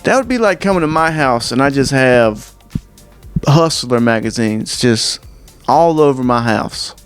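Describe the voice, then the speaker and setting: A man performing stand-up comedy, rambling through stories in an incredulous, animated way. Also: medium pitch, measured pace, clean tone, soft background music.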